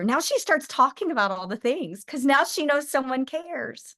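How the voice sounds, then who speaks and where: A woman trainer teaching her team, telling stories and acting out phone calls with lively energy. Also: sits high, moderate pace, hardly any pauses. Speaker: sales trainer.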